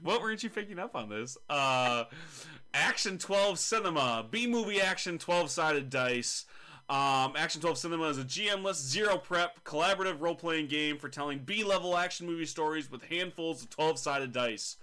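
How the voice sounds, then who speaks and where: A man's voice: on the high side, animated, normal speed, bright, forceful tone. A man hosting a casual podcast about tabletop games, chatty and jokey, teasing his co-hosts. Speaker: podcast host.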